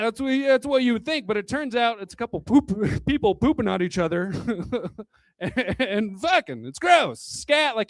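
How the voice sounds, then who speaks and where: Man, stand-up comic, high voice, dry close sound, crude rambling jokes, tipsy, laughs at himself. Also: dry recording. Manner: crude, rambling, chuckles at his own jokes. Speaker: stand-up comedian. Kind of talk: stand-up comedy set. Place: bar hosting a live comedy night. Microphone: handheld microphone.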